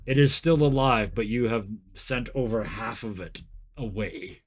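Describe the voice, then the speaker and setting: A man's voice: mid-range voice, measured pace. A man running a tabletop game as game master, narrating combat in a casual, joking way and sniffing between phrases.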